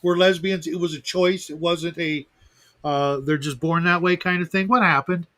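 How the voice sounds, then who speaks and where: A man's voice: on the high side, fairly even intonation, moderate pace, a bit bright. A middle-aged man hosting a podcast in casual chat, rambling with stammering restarts. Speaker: podcast host.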